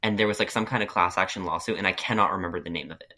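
A man co-hosting a podcast in casual chat, sick and achy, rambling through animated stories. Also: sits low, rapid-fire. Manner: rambling, animated storytelling with put-on quotes. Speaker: podcast co-host.

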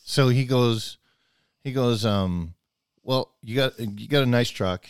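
A man's voice: mid-range voice, takes it slowly, smooth, no room sound, clean studio sound. A man telling a long personal story in casual chat, rambling, restarting his sentences, and acting out both sides of the conversation.

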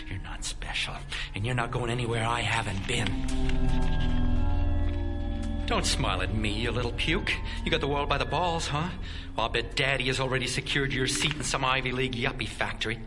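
A man's voice: mid-range voice, close to an everyday voice. An actor playing a bitter, contemptuous college teacher who hurls cruel insults at his students. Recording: film clip with music underneath.

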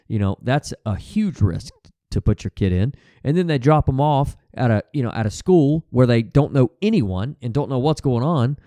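A man talks casually as a podcast host, rambling from one thought to the next with lots of swearing and false starts. His voice is mellow and relaxed, and it sits dry and close with no room sound around it. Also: medium pitch, normal speed, no room sound. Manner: rambling, profane, restarts and fillers. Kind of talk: casual monologue.

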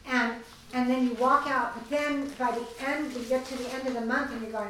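A woman teaches a small parenting group, chatty and storytelling. Her voice sits a little high. She is recorded from across the room, with heavy room echo. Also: fairly even intonation, fairly quick, fairly bright tone, slight background noise. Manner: chatty, acts out quoted voices. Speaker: parenting class leader. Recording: echoey room, mic far off.

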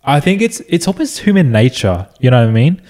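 A man's voice: mid-range voice, sing-song, brisk, warm tone. A young man in casual couple chat, arguing his side with self-mocking humor. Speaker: vlogger.

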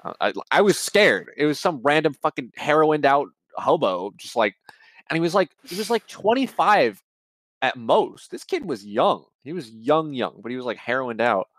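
A man's voice: fairly high pitch, sing-song, normal speed, fairly bright tone, no room sound. A young man telling a long story in casual podcast chat, rambling and swearing, with many fillers and restarts. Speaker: podcast co-host.

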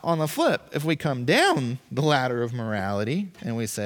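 A man preaching a sermon in an animated, emphatic way, acting out voices as he goes. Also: mid-range voice, moderate pace, hardly any pauses. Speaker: pastor. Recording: long reverb, echoey hall.

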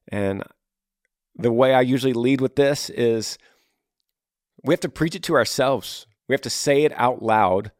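A man's voice: lowish voice, no echo, studio quality. A man hosting an advice podcast, answering listener questions earnestly. He repeats his key points and acts out example lines.

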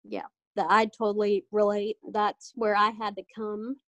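A young woman hosting a casual podcast chat, telling animated stories and acting out what doctors said to her. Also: medium pitch, unhurried, no room sound, highs cut off. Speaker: podcast host.

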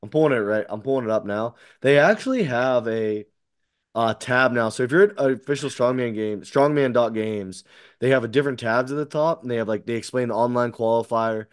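A man's voice: mid-range voice, fairly quick, clean tone, no room sound, clean studio sound. Rambling man in casual podcast chat. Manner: rambling, lots of fillers and restarts. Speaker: podcast co-host.

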